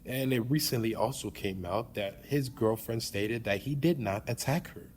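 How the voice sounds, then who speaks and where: A man's voice: medium pitch, moderate pace, a little mellow, slight background noise. A man hosting a podcast in casual sports talk, emphatic and opinionated, often repeating his points. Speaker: podcast host.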